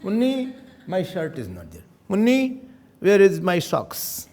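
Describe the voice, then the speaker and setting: A man's voice: sits high, huge pitch swings, takes it slowly, darkish tone, pitched below the performer's own voice, exaggerated voice. A man voicing a fussy, demanding middle-aged husband who nags his wife. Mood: nagging. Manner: nagging, whiny, keeps calling for his wife.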